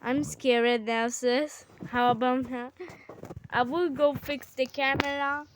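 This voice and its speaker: A woman in casual gaming chat with her sibling, excitable and bickering with quick exclamations. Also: sits high, a little hiss or hum. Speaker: gamer.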